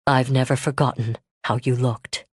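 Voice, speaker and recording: A woman voicing a man in a romance audiobook, who pours out a long-held love in a low, strained, earnest tone. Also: lively intonation, measured pace, no echo, clean studio sound.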